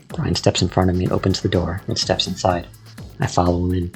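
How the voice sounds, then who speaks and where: A man reading a first-person story aloud with steady, measured narration. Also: deep voice, creaky, soft background music. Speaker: audiobook narrator.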